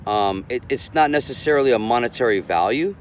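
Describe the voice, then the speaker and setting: A man's voice: medium pitch, animated, a little fast, a little hiss or hum. A man giving casual relationship advice as a coach, rambling and repeating words as he talks.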